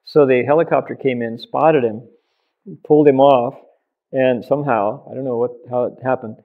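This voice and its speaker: A man telling a story with lively sound effects and acted quotes, recorded in an oral history interview. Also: medium pitch, normal speed. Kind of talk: animated storytelling. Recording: tinny phone-like sound.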